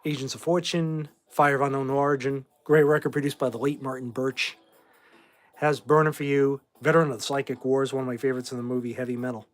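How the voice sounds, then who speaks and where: Medium in pitch with little pitch movement, the man speaks fairly quickly. He's hosting a casual livestream chat: a Boston native in his forties who rambles offhandedly while answering viewer questions and states his opinions bluntly.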